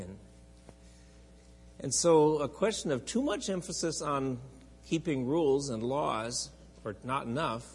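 A man's voice: fairly high pitch, creaky, breathy edge. Chatty male Bible teacher, echoey hall. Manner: chatty, digressive, with many restarts and asides. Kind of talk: church classroom teaching from an outline. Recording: echoey hall, long reverb.

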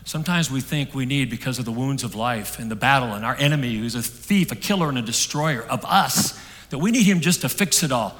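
A middle-aged man preaching a sermon, telling a story that swings from hushed and soft to loud. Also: medium pitch, animated, a little fast. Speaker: pastor. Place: church hall. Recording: long hall reverb.

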